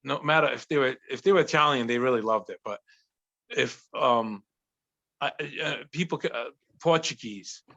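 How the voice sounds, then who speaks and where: A man in his forties from Providence, a guest telling stories in an eager, animated casual chat. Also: medium pitch, normal speed, highs cut off. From Providence, Rhode Island. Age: 40s. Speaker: guest actor and writer.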